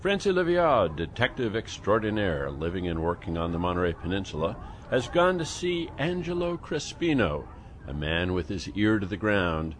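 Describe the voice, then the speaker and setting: A man narrating a mystery story in a measured storytelling manner. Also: lowish voice, slight background noise. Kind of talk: story reading.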